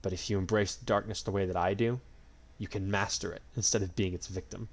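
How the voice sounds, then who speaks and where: A man's voice: fairly low pitch, steady tone, a little fast. Mocking dragon god, cruel and smug, theatrical drawl, a man puts him on.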